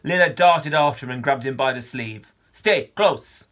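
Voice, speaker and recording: A man, a teacher, reading a children's novel aloud with expressive storytelling. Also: medium pitch, brisk.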